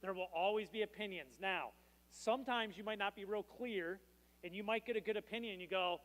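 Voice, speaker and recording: A man's voice: high-pitched, brisk, fairly bright tone. A man preaching a sermon as pastor, with a casual, joking storytelling manner. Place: church. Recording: long reverb in a church hall.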